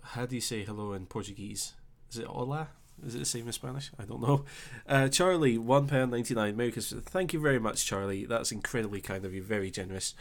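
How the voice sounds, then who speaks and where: A young man with a Scottish accent hosting a casual live stream, chatting easily and reading out viewer comments with relaxed filler pauses. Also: medium pitch, creaky. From Scotland. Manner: chatty and easygoing, thinking aloud with filler pauses.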